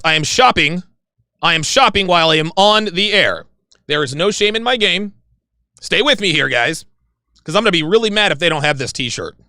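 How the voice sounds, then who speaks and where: Animated gravelly-voiced man host. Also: on the high side, dry recording, studio quality. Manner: animated, rambling, excitable. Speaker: livestream host. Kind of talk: casual livestream chat.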